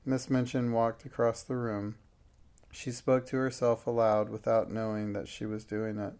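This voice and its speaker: A man reading a classic novel aloud in a steady, measured narration. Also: medium pitch, smooth. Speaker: audiobook narrator. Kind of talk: scripted narration.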